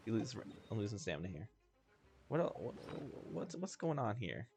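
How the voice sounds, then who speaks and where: Over faint game music, a man with a lowish, gravelly, darkish voice gives casual let's-play commentary at a normal speed and in a sing-song way. He's a gaming video host who rambles, laughs a lot and pokes fun at himself.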